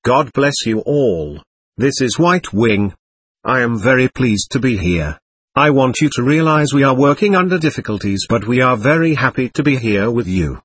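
Guy reading lines for a spirit guide at a seance, husky voice, plain and measured, dry sound. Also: medium pitch, expressive, no room sound. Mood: reassuring.

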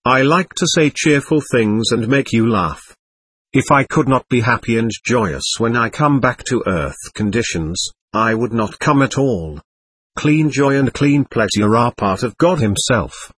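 A cheerful, rather vain old grandfather spirit talks about himself, as read by a man. The voice is husky and lively in pitch, recorded dry and close. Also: a little slow, dry recording. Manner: cheerful, boastful.

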